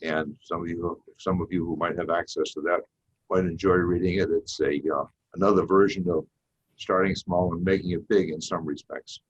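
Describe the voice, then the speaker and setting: A man in his eighties with a Boston accent, giving a prepared seminar talk as a guest speaker in a measured, folksy storytelling way. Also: deep voice, steady tone, husky. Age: 80s. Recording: dull lo-fi recording.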